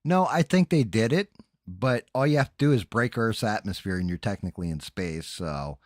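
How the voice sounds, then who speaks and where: A man's voice: fairly low pitch, lively intonation, normal speed, darkish tone, no echo. Guy hosting a stream, swears a lot, loose joking banter, dry close mic. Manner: loose, profane banter with the live chat. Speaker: podcast host. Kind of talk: casual livestream chat.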